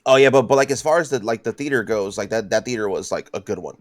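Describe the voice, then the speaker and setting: Male podcast panelist, animated storyteller, mid pitch, dry sound. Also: fast, no echo. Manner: animated storyteller, acts out his own reactions. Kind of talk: casual chat.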